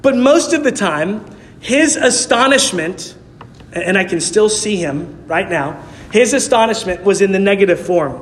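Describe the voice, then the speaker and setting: A man's voice: high-pitched, lively intonation, a little slow, fairly bright tone. A man preaching a sermon in a church, emphatic, building his points through rhetorical repetition. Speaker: pastor. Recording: long reverb of a large hall.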